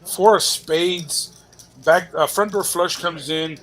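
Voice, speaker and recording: A man giving live play-by-play commentary on a poker cash game, relaxed and thinking aloud with pauses. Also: a little high, low-quality recording.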